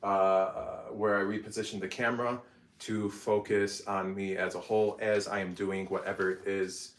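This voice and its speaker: Low-voiced man recording recipe voiceover takes. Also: little pitch movement, normal speed. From Egypt. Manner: stops mid-phrase, laughs at his slips, redoes takes. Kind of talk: casual behind-the-scenes vlog with recipe voiceover takes. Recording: roomy, mic some distance off.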